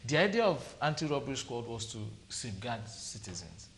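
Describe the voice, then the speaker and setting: A middle-aged man with a Nigerian accent, a TV studio guest who talks in a measured way and tells a long story with quoted dialogue. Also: mid-range voice, sing-song, a bit bright. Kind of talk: TV panel discussion.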